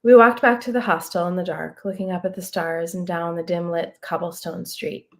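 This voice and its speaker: A woman author reading a prose excerpt aloud in a measured, reflective way. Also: on the low side, steady tone.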